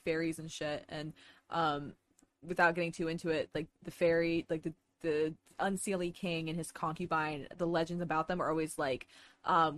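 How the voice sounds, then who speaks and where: A woman's voice: lowish voice, a bit bright. A young woman co-hosting a casual chat, reading fan fiction aloud, rambling with fillers and giggling. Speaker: podcast co-host.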